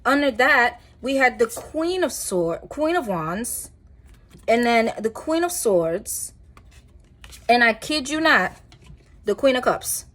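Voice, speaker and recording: A woman doing a casual tarot reading, talking in a chatty, rambling way with animated asides. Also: on the high side, takes it slowly. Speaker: tarot reader.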